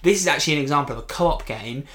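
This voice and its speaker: A man co-hosting a podcast in casual chat, talking quickly with frequent restarts and playful teasing. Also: on the high side, expressive, fairly bright tone. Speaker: podcast co-host.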